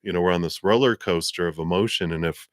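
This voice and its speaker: Man, very low voice, dry close sound, rambling tarot reader, casual with lots of fillers. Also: quick pace, no room sound. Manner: rambling, conversational, many fillers. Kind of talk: live tarot and astrology reading.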